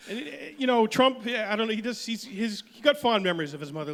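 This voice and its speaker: A male comedian trading quick, dark jokes in stand-up banter on stage. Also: high voice, lively intonation, vocal fry, long reverb tail. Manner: quick dark joking, puts on voices. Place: stage in a reverberant hall.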